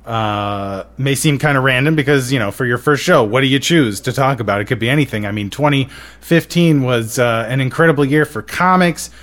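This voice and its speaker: A man hosting a casual podcast, excitable and rambling, with many fillers. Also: medium pitch, brisk. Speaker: podcast host.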